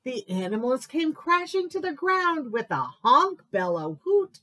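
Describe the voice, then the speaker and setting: A woman librarian reading picture books aloud in an animated, expressive way for children's story time. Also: high voice, measured pace, few pauses.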